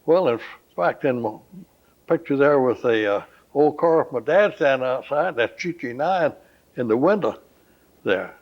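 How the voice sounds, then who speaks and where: An older man from Florida, recalling his family history at a slow, rambling pace in an oral history interview. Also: medium pitch, lively intonation. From Florida, USA. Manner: slow, rambling, pauses often with "uh". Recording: dull lo-fi recording.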